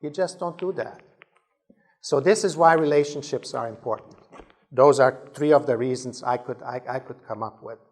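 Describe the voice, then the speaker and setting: A man's voice: medium pitch, normal speed. A man from Germany giving a talk to ministry leaders, telling stories with frequent restarts. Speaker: speaker at a leadership training.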